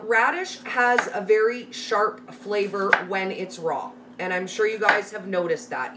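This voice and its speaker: A middle-aged Canadian woman hosting a live recipe tutorial from her home kitchen, chatting and greeting viewers by name. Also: medium pitch. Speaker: live cooking host. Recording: slightly distant mic, faint background noise.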